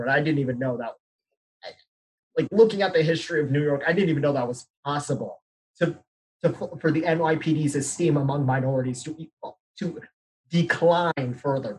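Young male podcast panelist from Arizona, husky, candid and casual. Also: a little high, low-quality recording. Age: young adult. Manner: candid, laughs nervously at grim news. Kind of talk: casual discussion.

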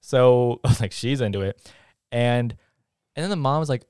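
A man casually recapping a movie with friends, laughing and acting out the characters' lines in quick impressions. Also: mid-range voice, a little mellow, smooth, no room sound, studio quality. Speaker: podcast co-host.

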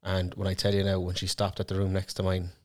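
His voice is low and a little mellow, delivered completely flat and fast. A young podcast co-host with an Irish Cork accent, he swears freely while telling stories in casual conversation, dropping in voiced asides.

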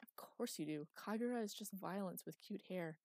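A woman's voice: medium pitch, moderate pace, a little mellow, dry recording, clean studio sound, natural voice. A woman voicing a playful adult daughter who teases her father in a bubbly way. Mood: teasing. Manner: bubbly, teasing.

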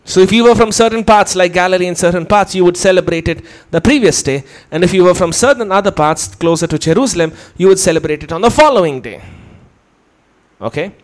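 Guy with a high voice preaching, walks through it step by step, keeps asking "okay?". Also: lively intonation, a little fast. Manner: explains step by step, asks the listeners questions. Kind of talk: sermon, teaching.

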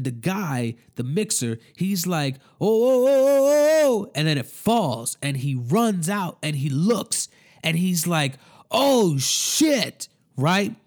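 Brief: a fairly high-voiced man telling a wild story, loose and foul-mouthed. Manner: animated, swearing, acts out every voice. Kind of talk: casual profane storytelling.

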